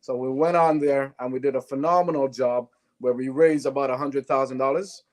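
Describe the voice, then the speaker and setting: Give me an animated man from Canada telling a story in an interview, acting out the dialogue. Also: medium pitch, fairly quick. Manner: animated, acts out dialogue in his stories. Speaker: guest, former sprinter turned businessman.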